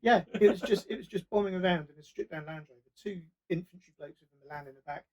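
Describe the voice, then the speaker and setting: A man telling casual, animated stories as a podcast guest. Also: high voice, fast talker, poor audio. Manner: lively, animated anecdote-telling. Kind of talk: casual storytelling.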